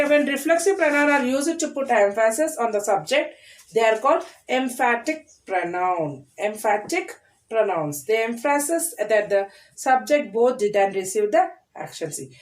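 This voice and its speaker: A woman's voice: fairly high pitch, distant mic. A woman teaching a grammar lesson to young children, repeating key phrases and answering her own questions. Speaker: primary school English teacher.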